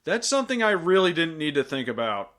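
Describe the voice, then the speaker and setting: A man delivers scripted film review commentary with a sarcastic, jokey edge. His slightly high, somewhat bright voice is sing-song and fairly quick, with faint music in the background.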